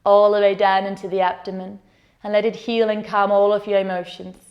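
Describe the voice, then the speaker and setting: Lady yoga teacher talking you through a meditation, soft and slow, pretty even pitch. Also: muffled recording. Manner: slow, soothing, gentle instructions. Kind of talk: guided meditation.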